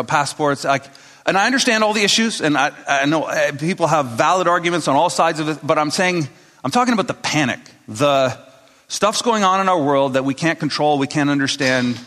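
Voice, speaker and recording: In a large church hall with long reverb, a pastor addresses his congregation at a moderate pace, his pitch fairly high and tone a bit bright. His sermon unfolds as conversational storytelling, with him acting out each person's lines.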